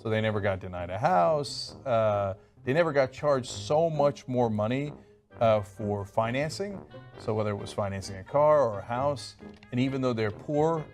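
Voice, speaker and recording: A male political commentator with a middle pitch talks with a lively, swinging delivery, full of sarcasm and ridicule. Faint music sits underneath. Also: moderate pace. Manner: sarcastic, mocking, mimics others. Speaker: host.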